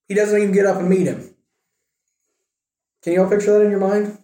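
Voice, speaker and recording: A man's voice: sits high, steady tone, a little fast, dark tone. A man teaching a casual Bible study, telling the story animatedly with joking asides. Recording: echoey room.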